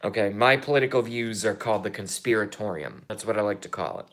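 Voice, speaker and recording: A YouTuber in his thirties rambles through a political vlog monologue, excitable and profane, lurching between mumbled asides and loud outbursts while repeating himself. His voice is on the low side and he talks quickly.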